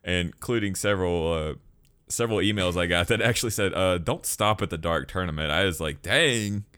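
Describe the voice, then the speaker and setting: Low-voiced Southern man hosting, dry sound. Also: a little fast, sharp tone, clean tone, dry recording. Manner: laughs often, many fillers and restarts. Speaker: podcast host. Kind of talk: casual chat reviewing an anime arc.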